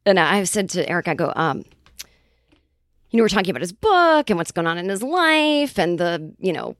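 A woman's voice: lowish voice, normal speed, no room sound, studio quality. A woman podcast host telling a casual comedic story, acting out the quoted voices of other people as she goes. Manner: animated, acts out quoted voices.

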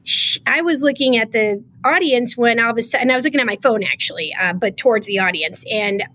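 A woman's voice: fairly high pitch, fairly quick, sharp tone. Emotional woman recounting a confrontation. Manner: earnest, re-enacts dialogue, many fillers. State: emotional, near tears. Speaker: podcast guest. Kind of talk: emotional first-person storytelling.

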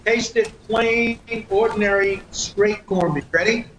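Older man, high voice, roomy studio. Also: steady tone, unhurried, a bit bright, slight background noise. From United States. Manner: storytelling, savoring and emphatic. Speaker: guest food taster. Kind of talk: casual studio chat.

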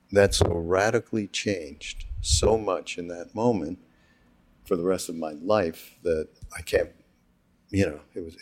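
Older man, from Canada, deep low voice, storytelling, acts out quotes, laughs often. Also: darkish tone. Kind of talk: casual storytelling conversation.

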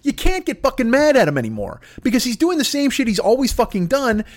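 A man's voice: very high-pitched, wildly swooping pitch, quick pace. A man hosting a podcast, delivering a rambling, profanity-laden comedic rant with exasperated energy. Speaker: podcast host.

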